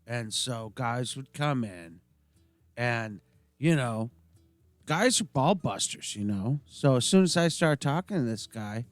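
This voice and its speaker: Podcast co-host, man, mid-pitched, blunt and profane storyteller, dry studio sound. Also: expressive, slow pace, no echo, faint music behind. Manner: blunt, swears freely, rambling storyteller. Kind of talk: casual chat.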